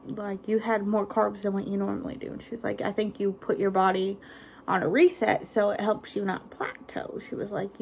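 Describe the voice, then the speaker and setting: A woman's voice: mid-range voice, vocal fry, a little mellow, slight background noise. A woman, chatting casually in a rambling vlog and laughing often. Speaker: vlogger. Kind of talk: casual chat.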